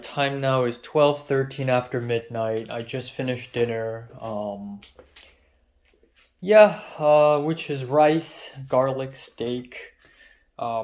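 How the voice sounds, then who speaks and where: A man's voice: medium pitch, a little mellow. Agitated young man ranting. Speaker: vlogger. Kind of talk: confessional video diary. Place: his apartment, indoors.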